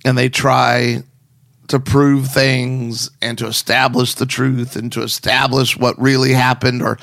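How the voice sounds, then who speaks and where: A man with a gravelly, creaky voice of middle pitch, chatting casually and giving advice to husbands. He tells stories in a sarcastic, animated way. The sound is close and dry. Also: measured pace, no echo. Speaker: podcast co-host.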